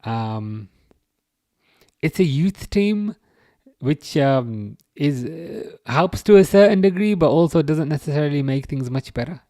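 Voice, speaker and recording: A man's voice: on the high side, animated, measured pace, warm tone, dry recording, studio quality. A man hosting a football livestream, chatting casually, chuckling wryly and answering comments from chat. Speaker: livestream host.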